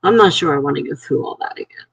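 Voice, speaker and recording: Gravelly, husky woman chatting. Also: deep voice, fast talker, no echo, highs cut off. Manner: rambling, animated storytelling. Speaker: live-stream host. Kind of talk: casual chat with viewers.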